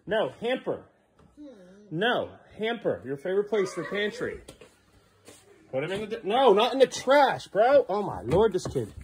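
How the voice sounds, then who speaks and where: A man's voice: sits high, big pitch swings, unhurried. A father filming a home vlog, firmly repeating short commands to his child as he tidies up indoors. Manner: firm, repetitive commands to a child. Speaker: father and vlogger.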